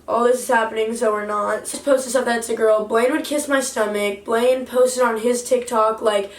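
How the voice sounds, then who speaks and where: Young female vlogger, confessional storytime, heated and rambling, a bit high-pitched, recorded in a roomy space. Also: steady tone, normal speed, far from the mic. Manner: rambling, heated retelling full of "like". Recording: echoey room, voice away from mic.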